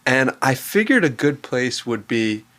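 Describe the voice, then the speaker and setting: A man hosting a podcast, asking his guest earnest, measured questions. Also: mid-range voice, sing-song, fairly bright tone. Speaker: podcast host. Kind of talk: interview questions.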